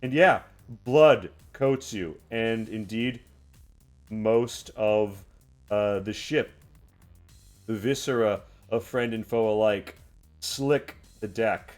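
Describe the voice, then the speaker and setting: A man with a low voice runs a tabletop game, narrating battles and aftermath in halting bursts full of fillers. Faint music sits under his voice. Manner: halting storyteller, many fillers. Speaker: game master.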